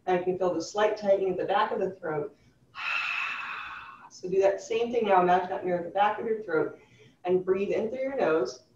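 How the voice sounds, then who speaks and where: A woman teaching a gentle chair yoga class, cueing breaths in a calm, instructive way. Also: medium pitch, a little fast, pauses often, a little hiss or hum. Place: yoga studio room, recorded live. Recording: roomy, distant, dull live class recording.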